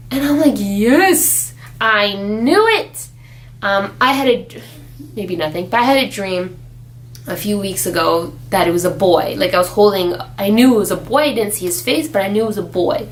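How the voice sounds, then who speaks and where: A woman's voice: mid-range voice, poor audio. Chatty young woman telling a pregnancy story. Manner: chatty, animated storytelling with quoted voices. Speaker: expectant mother vlogger. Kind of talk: casual chat.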